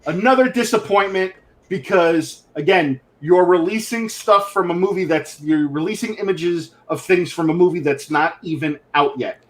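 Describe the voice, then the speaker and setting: A man's voice: sits high, moderate pace. A man co-hosting a live collectibles show in casual chat, opinionated and ranting, often repeating words as he starts a thought.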